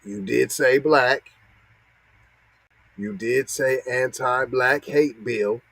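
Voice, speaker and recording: A man's voice: mid-range voice, slow pace, a bit bright, no room sound, rough recording. A man, hosting a podcast and reacting to news clips with mocking, repetitive commentary. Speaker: podcast host.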